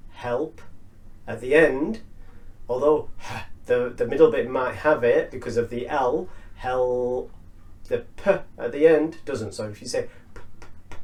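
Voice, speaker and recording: Slow, patient male English teacher. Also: mid-range voice, a little mellow. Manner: slow, patient, repeats each word for drill. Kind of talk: pronunciation lesson. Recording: roomy sound from a distance.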